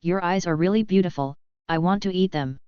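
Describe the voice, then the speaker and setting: A woman's voice: lowish voice, brisk, clean tone, no echo, muffled recording, lightly acted. A woman reading the lines of an elegant, cheerful but cruel male demon in an audiobook.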